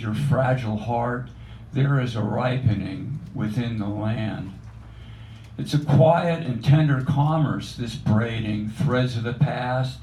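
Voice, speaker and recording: A man reading his own poetry aloud in a measured, reflective recitation at a cafe open mic. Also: medium pitch, dark tone, slight background noise. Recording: echoey cafe room.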